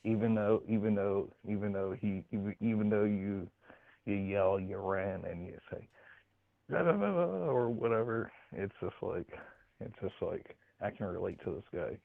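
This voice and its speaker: Gravelly male caller on a tinny phone line. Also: low-pitched, level tone, moderate pace, dry recording. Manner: repetitive, pleading, stuttering restarts. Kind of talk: call-in chat.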